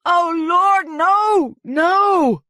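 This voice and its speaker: A woman doing a frantic boat captain, yelling. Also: extremely high pitch, expressive, slow pace, no echo, clean studio sound, pitched above the performer's own voice, exaggerated voice. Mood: anguished. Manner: yelling in panic over din. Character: gruff male fishing boat captain, frantic.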